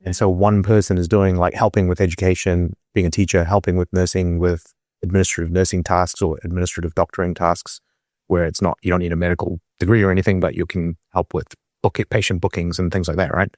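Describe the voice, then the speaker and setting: A man with a very low voice, talking loosely on a podcast. He rambles, restarts his sentences and fills gaps with "like" and "um". The sound is close and dry. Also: level tone, fast talker, a little mellow, dry recording. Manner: rambling, hesitant, many restarts and fillers. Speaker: podcast co-host. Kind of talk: casual chat.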